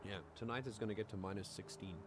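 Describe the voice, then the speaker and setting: Man, South African accent, streamer, casual gaming commentary, excitable, lowish voice. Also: fast talker, music in the background. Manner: excitable, chatty, laughs often.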